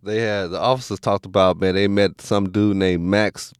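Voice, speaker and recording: A man's voice: on the low side, steady tone, moderate pace, clear, resonant tone, dry recording, clean studio sound. A man from Illinois, a guest in a casual chat, talking loose slang. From Illinois, United States. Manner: loose slang, laughs often. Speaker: guest on a call.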